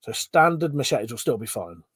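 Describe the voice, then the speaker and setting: A man's voice: mid-range voice, expressive, normal speed, fairly bright tone, husky, no room sound. A man hosting a casual livestream, chatting and reading out viewer comments, swearing now and then. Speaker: livestream host.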